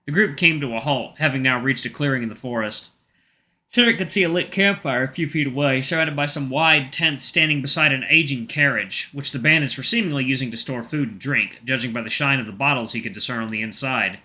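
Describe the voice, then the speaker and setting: A man's voice: medium pitch, brisk, bright, forceful tone. A man reading a story aloud for a video, casual and self-correcting, with asides. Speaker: narrator and uploader.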